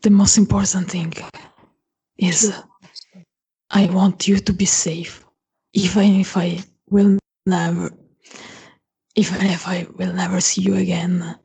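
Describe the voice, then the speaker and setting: A woman's voice: on the low side, little pitch movement, creaky, warm tone, breathy edge, heavily acted. Mara, a woman whispering as a devoted vampire. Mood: tender, resolute. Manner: halting, earnest vows in simple phrasing. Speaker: player. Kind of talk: whispered role-play.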